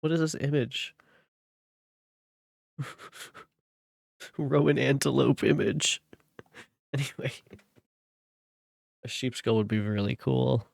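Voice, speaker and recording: A young man streaming, chatting casually with viewers and reading a novel aloud in a relaxed way. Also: medium pitch, slow, gravelly, pauses often, no room sound, studio quality. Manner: relaxed, chatting with viewers between read passages.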